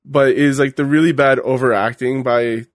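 A man chatting casually while watching wrestling, relaxed and hesitant with many fillers. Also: mid-range voice, moderate pace, dry recording. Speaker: co-commentator.

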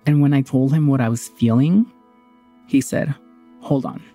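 A woman's voice: extremely low pitch, normal speed, dark tone, soft background music. A woman telling a personal story in a candid, heartfelt, conversational way.

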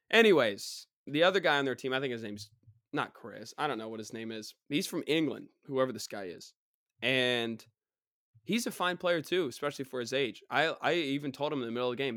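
A hoarse young man talks through a casual solo podcast, his voice worn and partly gone. He rambles from story to story, getting animated as he mocks people. The sound is close and dry, with no room echo. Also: mid-range voice, fairly quick. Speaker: podcast host.

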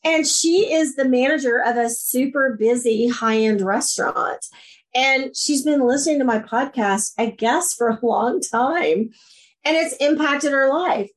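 Enthusiastic woman with a higher voice. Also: unhurried. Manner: enthusiastic, animated storyteller. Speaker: podcast guest. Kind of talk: casual interview chat.

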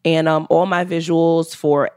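A woman singer as a podcast guest, promoting her music in an upbeat, quick way. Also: low voice, flat delivery, a little mellow, smooth, no room sound, studio quality. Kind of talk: casual podcast chat.

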